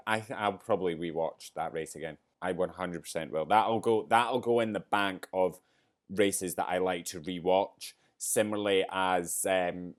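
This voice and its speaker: A man hosting a podcast, chatting casually and excitably through a race review, rambling and getting teary and choked up along the way. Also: low voice. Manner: excitable, rambling, gets emotional. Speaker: podcast host.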